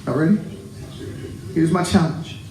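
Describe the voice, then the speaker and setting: A male pastor preaching a sermon to his congregation, animated and laughing often as he talks. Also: on the high side, a little slow, reverberant, slight background noise, low-quality recording. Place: church sanctuary.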